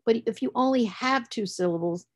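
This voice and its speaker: A woman's voice: fairly high pitch, a little fast. A woman teaching a literacy session, explaining word parts and spelling letters out as she goes. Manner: explanatory, spells out letters, stresses words for emphasis. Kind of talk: presenting a lecture on word structure.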